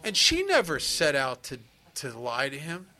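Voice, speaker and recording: A man speaking at a recovery meeting and telling humorous stories in a joking, conversational way. He often drops into quiet asides and then breaks into loud, excited bursts. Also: fairly high pitch, normal speed. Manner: joking, conversational, full of "you know" and "man". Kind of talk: humorous storytelling talk.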